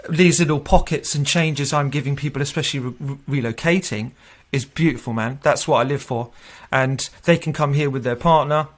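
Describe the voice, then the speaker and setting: Telling stories in a loose interview, a man in his thirties who works as a tech recruiter laughs often and mimics what people said. His medium-pitched voice goes a little fast with hardly any pauses.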